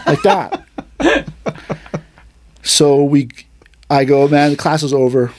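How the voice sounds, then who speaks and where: A man's voice: on the high side, takes it slowly, pauses often, a little hiss or hum. A man hosting a martial arts podcast, telling a story in a casual chat and acting out the voices in it. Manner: animated storyteller, acts out quotes. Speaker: aikido instructor and podcast host.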